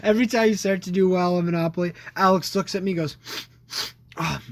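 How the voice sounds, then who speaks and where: A young man chats on a podcast with a fairly high voice. He tells crude, rambling stories and laughs often. His talk is loose and casual. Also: steady tone, very fast. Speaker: podcast co-host. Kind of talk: casual chat.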